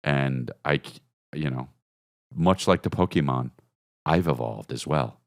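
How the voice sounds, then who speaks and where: Very deep-voiced animated man. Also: a little slow, vocal fry, no room sound, studio quality. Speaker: podcast host. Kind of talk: casual comedic monologue.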